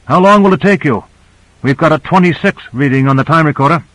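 A man's voice: a little high, quick pace, fairly bright tone, dry recording, pitched above the performer's own voice, close to an everyday voice, low-quality recording. A man reading the part of an anxious, doubtful male crew member in an audiobook. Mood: worried. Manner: worried, doubtful.

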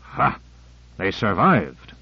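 A man's voice: lowish voice, big pitch swings, very slow, creaky, husky, no echo, highs cut off, heavily acted. A man playing an impatient older general who grumbles querulously, in an audiobook.

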